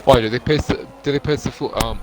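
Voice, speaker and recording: A man doing live commentary on a sim racing league, in relaxed, joking banter with his co-commentator, through a poor-quality mic. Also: medium pitch, fast talker, heavy background noise.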